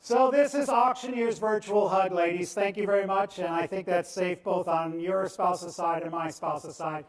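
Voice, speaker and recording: Man auctioneer, high voice, rhythmic bid chant, roomy and distant sound. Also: fairly even intonation. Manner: rapid rhythmic bid chant, cajoling bidders. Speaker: charity auctioneer. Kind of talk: live auction bid calling. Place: event venue on the Gulf coast. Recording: echoey room, voice from off-mic.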